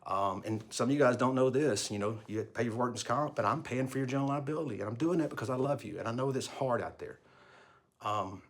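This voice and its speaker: A man's voice: mid-range voice, fast. Earnest, emotional man talking to his crew. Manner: earnest and emotional, with many fillers and restarts. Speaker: construction company owner. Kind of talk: casual talk to the crew, filmed by himself.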